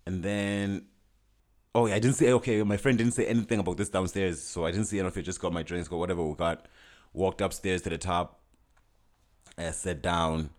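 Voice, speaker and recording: A young man casually telling a personal story, animated and full of restarts and acted-out dialogue. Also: low voice, a little fast.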